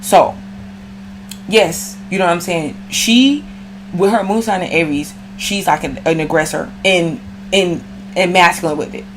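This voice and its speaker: Woman doing a chill slangy astrology read, lowish voice, talks right at you. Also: unhurried, a little hiss or hum. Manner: slangy, chatty, addresses viewer directly. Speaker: astrology reader. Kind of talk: casual astrology chat.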